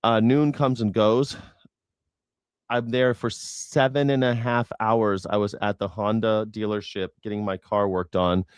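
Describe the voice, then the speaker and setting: A man's voice: lowish voice, little pitch movement, a little slow, clear, resonant tone, no room sound, studio quality. A man in his forties from Los Angeles hosting a casual livestream, rambling and sarcastic with jokey asides. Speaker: host of a news reaction stream.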